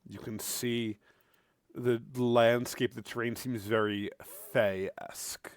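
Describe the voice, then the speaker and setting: A man narrating as game master of a tabletop role-playing game in a lively, animated way. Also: medium pitch, slow pace, smooth, dry recording, clean studio sound.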